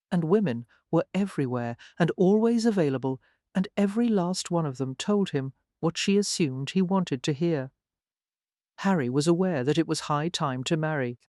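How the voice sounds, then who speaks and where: A woman reading a historical romance audiobook in smooth, even scripted narration. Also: deep voice, no echo, studio quality.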